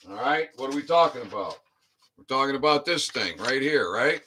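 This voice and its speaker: In a casual vlog, a man walks his followers through his court filing, reading documents aloud, slowing to stress key phrases and often asking "all right?" His mid-range voice is husky, bright and forceful, with lively intonation.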